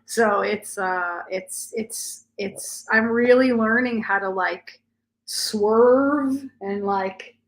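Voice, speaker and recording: A woman's voice: medium pitch, drawn-out words. A woman in her forties talking casually as a podcast host, telling stories in a chatty way with many "like" fillers. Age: 40s. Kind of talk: casual chat. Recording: roomy echo.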